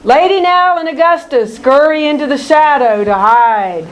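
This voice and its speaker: A woman narrating a children's picture book aloud in an expressive, deliberate way. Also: high-pitched.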